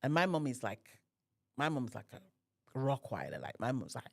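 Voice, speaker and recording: Gravelly woman telling a story. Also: very deep voice, moderate pace. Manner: animated, acts out the voices of others in her story. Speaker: podcast guest. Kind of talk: personal storytelling in conversation.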